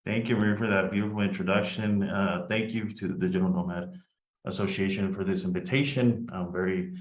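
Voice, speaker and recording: Deep-voiced man presenting on a video call. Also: fairly even intonation. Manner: polite, measured, walks through slides. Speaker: immigration lawyer. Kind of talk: webinar presentation. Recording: echoey dull video-call audio.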